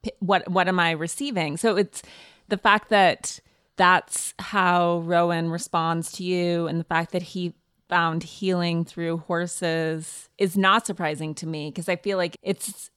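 A woman host talks in a reflective way, thinking aloud as she goes. Her voice is low and smooth, and the recording is dry and close. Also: fairly even intonation, a little slow, a bit bright, no echo. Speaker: interviewer, podcast host. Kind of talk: conversational interview.

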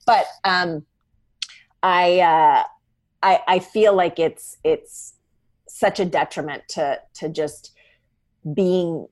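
A middle-aged woman, a cookbook author, chatting in an interview in a rambling, animated way from her farm home. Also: fairly low pitch, slow, pauses often. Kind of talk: casual interview chat.

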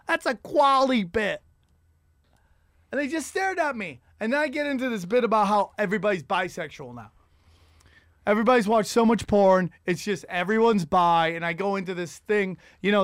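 A man's voice: high voice, moderate pace, a bit bright, no room sound, clean studio sound. A man telling rambling, profane stand-up stories on a podcast, with frequent restarts. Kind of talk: casual profane storytelling.

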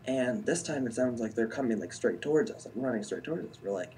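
A man's voice: medium pitch, lively intonation, fast, hardly any pauses, mellow, a little hiss or hum. A young adult man telling a personal story in a casual, rambling way, full of "like" and "um". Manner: rambling, heavy use of "like" and "um".

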